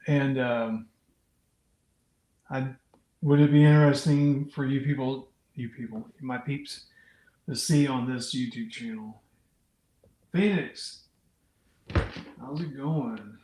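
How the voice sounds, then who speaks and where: A man's voice: mid-range voice, slow pace, long pauses, mellow, echoey room, low-quality recording. A man hosting an unscripted livestream, chatting casually and reading out viewers' comments as he rambles. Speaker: livestream host. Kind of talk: unscripted live chat with viewers.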